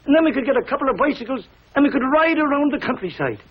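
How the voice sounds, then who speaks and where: An actor playing a lonely, warm-hearted older Irish tailor, with a husky voice and a lilting Irish brogue. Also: male voice, very high voice, animated, rapid-fire. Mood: wistful, coaxing. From Ireland. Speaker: visiting cousin, a tailor. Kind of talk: 1950s TV sitcom acting. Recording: dull lo-fi 1950s TV audio.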